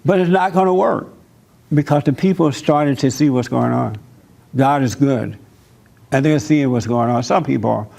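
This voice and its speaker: A man's voice: medium pitch, normal speed, creaky, mellow. A man pastor giving a conversational church sermon, speaking emphatically and laughing between points.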